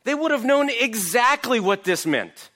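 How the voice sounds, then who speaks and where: A man's voice: extremely high pitch, lively intonation, measured pace, pushed and bright. A man giving an emphatic verse-by-verse Bible teaching, asking his listeners questions. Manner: emphatic, asks the audience rhetorical questions.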